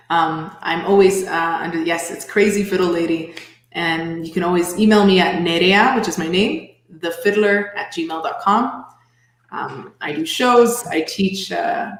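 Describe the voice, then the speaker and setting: A woman's voice: fairly low pitch, roomy sound. A woman talking as a guest fiddler and music teacher in casual chat, laughing often as she speaks. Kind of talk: casual chat on a live show.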